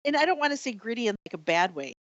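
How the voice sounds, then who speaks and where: A woman's voice: fairly high pitch, very animated, racing, a bit bright, dry recording. A woman from Chicago with a Chicago accent, a guest in an interview, talking with enthusiasm and laughing easily. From Chicago, United States. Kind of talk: conversational interview. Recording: dull remote call audio.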